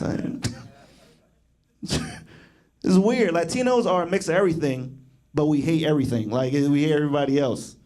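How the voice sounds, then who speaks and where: A man's voice: fairly high pitch, normal speed, long pauses, warm tone. A young man doing stand-up comedy, rambling and laughing at his own jokes.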